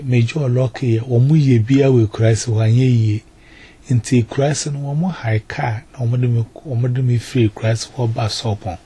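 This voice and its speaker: A man's voice: medium pitch, mellow, slight background noise. A man giving a personal testimony, repeating himself and mixing English words into his talk. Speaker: testimony giver.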